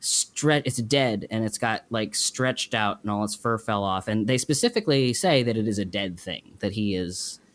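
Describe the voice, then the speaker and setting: A man, a podcast guest, talking in a casual, animated, emotional way about a story. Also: fairly low pitch, moderate pace, few pauses. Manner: animated, emotional retelling with acted quotes.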